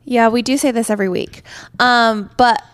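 A woman's voice: on the high side, steady tone, no echo. A woman in her late twenties with a Utah accent, co-hosting a podcast in a casual, playful, teasing way on a headset mic. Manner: chatty, playful, quick to tease. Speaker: podcast co-host. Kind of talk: casual chat.

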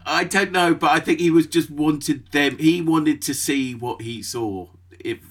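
A man in a mid-pitched voice, co-hosting a relaxed football chat. He muses and works through his ideas as he talks. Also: unhurried. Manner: musing, theorizing.

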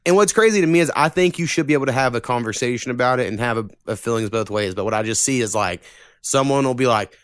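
A young man hosting a casual podcast, talking loosely and profanely with plenty of ums and restarts. His voice sits at an ordinary mid pitch, recorded close and dry with no room sound. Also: fast talker, no room sound. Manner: loose, profane, rambling with many fillers. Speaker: podcast host. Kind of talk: casual chat.

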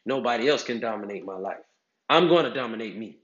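A man's voice: on the low side, expressive, quick pace, a bit bright. A man, giving casual advice and acting out other people's voices with big swings. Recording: echoey, slightly dull sound.

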